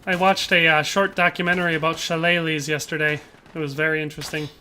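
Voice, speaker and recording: A man's voice: on the high side, flat delivery, quick pace, sharp tone, a little hiss or hum. A young man streaming a shooter game, chatting casually and joking with chat as he plays. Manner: chatty, jokey, tries mock Irish accents. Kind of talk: casual live-stream commentary.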